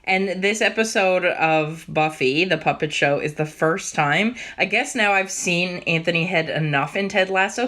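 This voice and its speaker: Lower-voiced female podcast co-host, enthusiastic, laughs often. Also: fairly bright tone. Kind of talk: casual chat.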